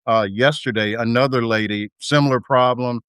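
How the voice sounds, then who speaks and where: A man talking as a guest in a casual live video chat, halting and filling pauses with um and you know. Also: mid-range voice, steady tone, a bit bright, smooth, no room sound, clean studio sound. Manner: halting, full of fillers and restarts.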